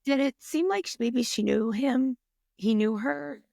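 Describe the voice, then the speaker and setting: A woman co-hosting a podcast, chatting casually with quick, wry asides. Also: high-pitched, gravelly, mellow, no room sound, studio quality. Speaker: podcast co-host. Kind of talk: casual chat.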